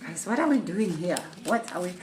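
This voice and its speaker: A woman's voice: fairly low pitch, animated, brisk, background noise. A woman filming her parrot at home in a kitchen, scolding it playfully between laughs. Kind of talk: casual home video talk.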